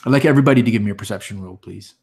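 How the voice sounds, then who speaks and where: A man narrating a tabletop game as game master, speaking haltingly with frequent pauses and fillers. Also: on the low side, a little mellow.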